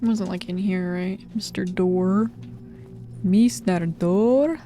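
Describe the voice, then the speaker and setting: A woman streaming a game, musing aloud in slow, trailing casual commentary. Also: lowish voice, steady tone, warm tone, faint music behind.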